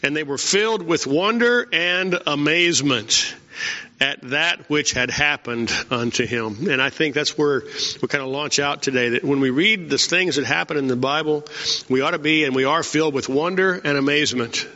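A man preaching an informal sermon in a folksy, conversational way, often pausing with "uh". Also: fairly high pitch, sharp tone. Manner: folksy and conversational, many "uh" fillers. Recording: echoey hall, dull lo-fi sound.

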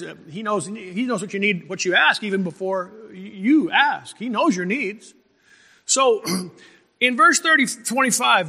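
A male pastor delivers a sermon in a high, bright, forceful voice, pausing for amens and stretching out the words he wants to stress. His voice rings with a long reverb from the church hall around him. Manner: preaching with calls of amen and slow emphatic stresses.

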